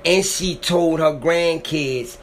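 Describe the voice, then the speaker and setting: A man's voice: a little high, slow pace, slight background noise. A man retelling someone's frightening encounter in an emotional, dramatic way, often repeating himself. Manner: dramatic, repetitive, voice swells when emotional. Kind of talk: emotional spoken storytelling.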